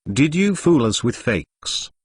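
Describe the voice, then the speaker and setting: A man's voice: medium pitch, sing-song, takes it slowly, breathy edge, no room sound, studio quality, full character voice. A text-to-speech male voice reading the lines of a stern woman interrogating a suspect in a story. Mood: demanding.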